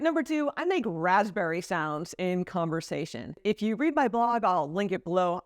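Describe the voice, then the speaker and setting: A woman's voice: lowish voice, no echo. Chatty American woman, dry close sound. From United States. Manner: chatty, light and explanatory. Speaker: vlogger. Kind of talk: casual vlog talk to camera. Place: home in France.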